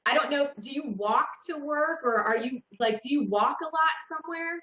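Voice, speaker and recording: Bright-voiced psychic woman hosting call-in radio. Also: high voice, echoey room, dull audio. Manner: slow, hesitant, many fillers and restarts. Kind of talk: psychic reading on a call-in show.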